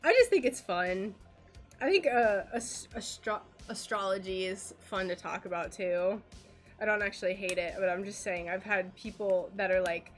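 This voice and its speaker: A woman's voice: medium pitch, normal speed, faint music behind. A woman with an American accent chatting casually to viewers while doing stained glass on a livestream, giggly and full of fillers.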